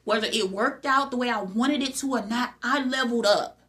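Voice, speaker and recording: In a fairly high, pushed and bright voice, a young woman rattles through a motivational message on her own channel at a fairly quick clip. Her theme is spiritual growth, driven home emphatically with repetition and rhetorical questions.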